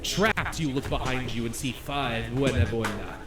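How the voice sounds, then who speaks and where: A man playing a game on video, excitedly reading its story text aloud and reacting with laughs. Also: mid-range voice, moderate pace, echoey room, far from the mic. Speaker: gaming YouTuber.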